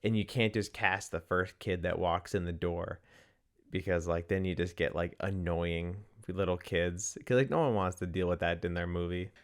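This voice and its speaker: A man's voice: sits low, steady tone, normal speed. A young man co-hosting a movie podcast, chatting casually and rambling with lots of "like". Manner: rambling, heavy use of "like", laughs often. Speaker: podcast co-host.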